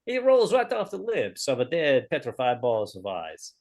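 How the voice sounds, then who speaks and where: A man's voice: mid-range voice, huge pitch swings, normal speed, darkish tone. A man playing in an online tabletop game, chatting playfully and laughing often. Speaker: player. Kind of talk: casual chat in an online game.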